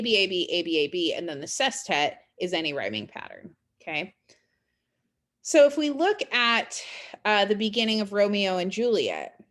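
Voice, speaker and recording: Woman English instructor, low voice with animated swings, casual recorded lecture with frequent check-ins. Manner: conversational, with fillers and check-in questions; reads poems aloud slowly.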